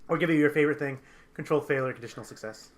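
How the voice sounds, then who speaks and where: A man running a tabletop game as game master, explaining rules in quick, halting bursts with many restarts. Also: on the high side.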